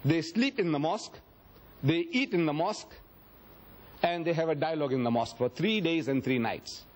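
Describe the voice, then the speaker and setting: A husky, slightly high-voiced man gives a public religious lecture. He tells his points as dramatic stories and acts out the quoted speech. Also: moderate pace. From South Africa. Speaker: Islamic lecturer.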